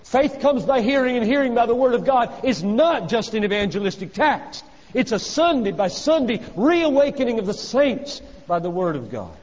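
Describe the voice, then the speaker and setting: Man, preacher, sermon, high voice, emphatic then hushed, dull reverberant hall recording. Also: sing-song, moderate pace. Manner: emphatic, swinging from loud exhortation to hushed low phrases.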